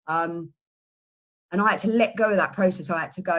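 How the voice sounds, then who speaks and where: A middle-aged woman giving an earnest personal testimony, halting and full of restarts and fillers. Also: lowish voice. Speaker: person in recovery sharing a story.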